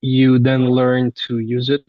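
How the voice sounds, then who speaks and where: Relaxed man with a muffled, dull sound. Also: mid-range voice, a little slow, no echo. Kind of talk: casual podcast conversation.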